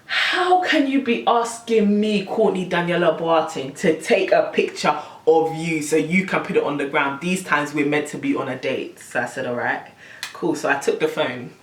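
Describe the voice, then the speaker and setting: A young woman telling a story on her vlog, animated and exasperated, full of slang. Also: deep voice, normal speed, few pauses, far from the mic. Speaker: vlogger. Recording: roomy, camera set back.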